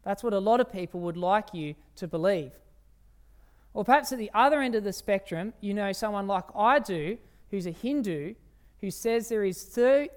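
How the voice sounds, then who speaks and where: A preacher delivering an evening sermon with a smooth, resonant voice. The delivery is emphatic, drawing out key phrases slowly and putting rhetorical questions to the listeners. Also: medium pitch, animated.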